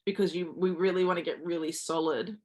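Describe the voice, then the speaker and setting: A woman's voice: lowish voice, steady tone, fairly quick. Earnest woman coaching mindset. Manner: earnest, encouraging, acts out inner voices. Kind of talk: motivational talk.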